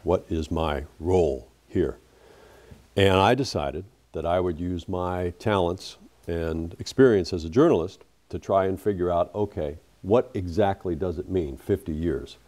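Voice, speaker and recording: A middle-aged man speaks to an audience about his work as an author, letting the talk unfold as a personal story. His voice is low and mellow, and he sounds earnest and reflective, pausing with fillers as he thinks. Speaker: author giving a public talk. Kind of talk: lecture storytelling.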